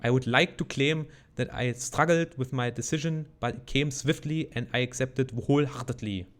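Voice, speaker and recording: A man reading a remorseful nobleman's confession aloud, in a put-on mock German accent, a bit higher and louder than his usual voice. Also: moderate pace, close to an everyday voice. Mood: theatrical.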